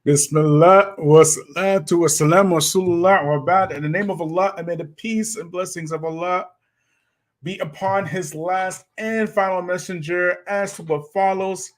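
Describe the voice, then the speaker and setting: A man opening his channel with a religious greeting and a formal, drawn-out welcome. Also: high-pitched, fairly even intonation. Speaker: channel host.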